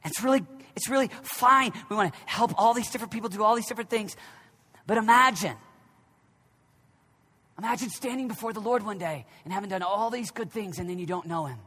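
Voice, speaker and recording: Preaching man, bright voice, big hall. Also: high-pitched, a little fast, slightly rough. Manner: swings from hushed, near-whispered reflection to loud, shouted exhortation. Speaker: pastor. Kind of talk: sermon. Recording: long reverb of a large hall.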